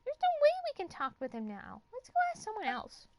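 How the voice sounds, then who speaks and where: A woman's voice: sits high, wildly swooping pitch, brisk, slight background noise, heavily acted. A woman voicing a tiny, proud female fairy companion in a video game who talks about herself in the third person. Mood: puzzled. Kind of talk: game voice acting. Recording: game audio with loud music behind. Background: game music.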